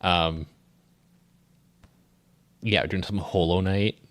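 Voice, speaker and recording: A man's voice: low-pitched, steady tone, slow, fairly bright tone, no room sound. A man streaming a game, chatting and joking with friends in a playful, teasing way. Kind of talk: casual chat while gaming.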